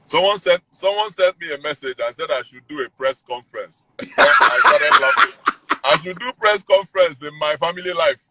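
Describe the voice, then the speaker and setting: A man's voice: on the high side, brisk, few pauses, fairly bright tone, a little hiss or hum, rough recording. A man talking casually in a live chat, amused and mocking as he talks. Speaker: interviewee on a live stream.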